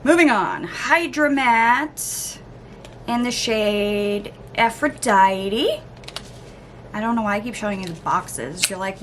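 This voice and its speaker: A woman vlogger chatting casually through an unboxing, gushing, gasping and cooing with excitement. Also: mid-range voice, slow pace, slight background noise. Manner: gushing, excitable, lots of gasps and oohs. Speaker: beauty vlogger.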